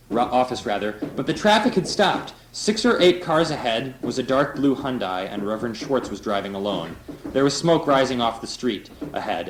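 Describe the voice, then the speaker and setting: A man reads a novel aloud in a mid-range voice, loose and amused, stopping now and then for offhand asides to his listeners. A faint hiss runs under the reading. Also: mid-range voice. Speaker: reader.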